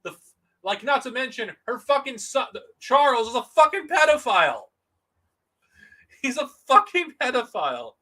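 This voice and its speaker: A man's voice: very high voice, big pitch swings, normal speed, sharp tone. A man streaming alone, ranting with heavy profanity and stumbling over his words as he repeats himself. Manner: profane angry ranting with stammered restarts. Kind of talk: solo live-stream rant.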